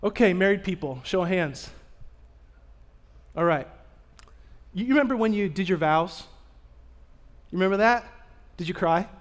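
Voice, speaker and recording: A male pastor preaching a sermon, telling stories with animation and swinging from loud bursts to hushed asides. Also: high-pitched, animated, normal speed, long pauses. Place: church sanctuary.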